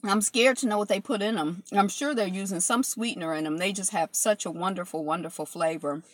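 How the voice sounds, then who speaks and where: Talking at a brisk clip in a medium-pitched voice, a woman hosts a casual mukbang live chat, eating and rambling with lots of fillers as she answers incoming comments. The phone-camera recording has no room sound.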